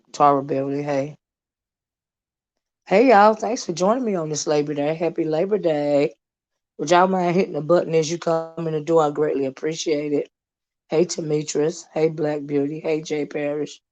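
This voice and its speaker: A hoarse woman, hosting a casual livestream, greeting viewers and chatting with many fillers and asides. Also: deep voice, fairly even intonation, normal speed, a little mellow, lo-fi sound. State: hoarse, lost her voice. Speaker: livestream host.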